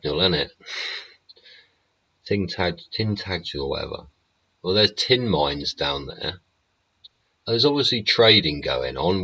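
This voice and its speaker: Very deep husky man, sweary. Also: pushed and bright, highs cut off. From England. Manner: rambling, blunt and heavily sweary. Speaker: show host. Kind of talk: live-stream monologue.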